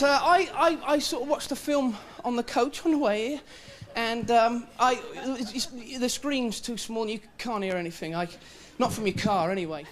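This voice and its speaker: A young male comedian performs stand-up on a TV studio stage, his voice pitched high and swooping wildly as he stammers and panics through each bit. Loud audience laughter and studio noise surround him. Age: young adult.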